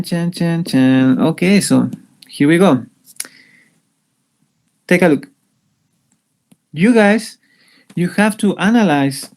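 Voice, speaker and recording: A man teaching an English grammar lesson, explaining patiently with many fillers and restarts. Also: sits high.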